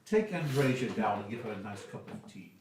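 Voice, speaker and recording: A man's voice: on the low side, big pitch swings, brisk, a little mellow, slight background noise. A man doing a genteel motherly sorceress. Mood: commanding. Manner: soothing, genteel, calls others dear. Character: elegant motherly sorceress lady, calm and commanding. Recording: echoey room, distant mic.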